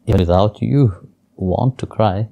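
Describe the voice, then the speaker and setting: A man who is a spiritual teacher, telling a story in an interview gently, with halting restarts. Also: on the low side, vocal fry, dull audio.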